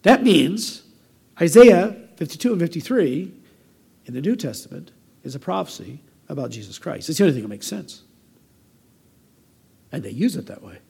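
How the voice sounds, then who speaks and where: An older American man delivering a sermon as pastor, conversational and anecdotal, with a gravelly voice. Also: on the high side, big pitch swings, moderate pace, pauses often, darkish tone. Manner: conversational preaching with personal anecdotes.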